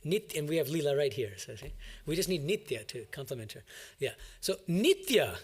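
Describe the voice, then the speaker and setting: A monk speaks to his class in a lively, explanatory way and stresses his key points. His voice sits a little high for a man. The tone is that of a classroom commentary. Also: moderate pace, husky. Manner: animated, explanatory, emphatic. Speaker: monk teaching a scripture class. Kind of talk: classroom commentary on a scripture reading.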